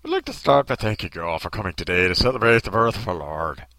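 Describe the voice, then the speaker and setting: A man's voice: low voice, lively intonation, fast talker, bright, forceful tone, dry recording, pitched below the performer's own voice, full character voice. A man voicing a priest with an exaggerated, over-the-top Irish accent, in a sing-song sermon delivery. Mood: solemn. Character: male priest with cartoonish Irish brogue.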